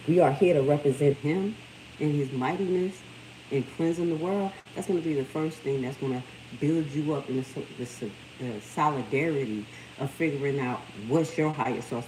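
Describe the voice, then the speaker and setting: A woman's voice: low-pitched, normal speed, a little hiss or hum, low-quality recording. A middle-aged woman hosting a livestream, talking casually and animatedly. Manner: animated storytelling, lively quoted voices. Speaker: livestream host.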